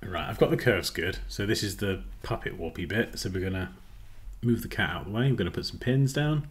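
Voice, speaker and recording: A man's voice: low-pitched, animated, fairly quick. A man chatting casually through a live design tutorial, self-mocking and easily distracted.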